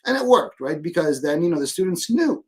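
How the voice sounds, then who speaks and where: Animated man tagging talk with "right?". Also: fairly high pitch, a little fast. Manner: animated, peppers sentences with "right?". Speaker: educator guest. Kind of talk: casual interview talk. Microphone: video call.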